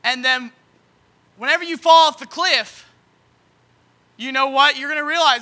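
A man preaching a sermon, leaning on folksy everyday examples and asking "you know what?" again and again, now and then breaking into shouts. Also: very high voice, normal speed. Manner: bursts into shouting at moments.

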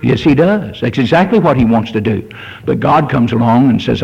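A sixty-year-old pastor preaches with fervor, his voice gravelly and a little husky. His pitch sits somewhat high and swings widely from line to line as he reads scripture and presses his point. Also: expressive, moderate pace, a little mellow, highs cut off. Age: 60s. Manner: fervent preaching with scripture reading. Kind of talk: sermon.

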